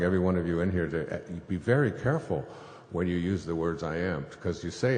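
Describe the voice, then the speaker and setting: Speaking quickly with few pauses, a man with a low, darkish voice tells a scripture story from a stage. He's a spiritual author addressing a live audience, rambling along with fillers and chuckles, and the recording carries echo from the hall and faint noise.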